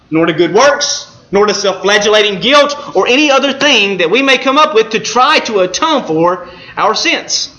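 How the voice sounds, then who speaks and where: A man preaching a sermon in an earnest, measured way, slowing down for emphasis. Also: sits high, sharp tone, reverberant, dull audio.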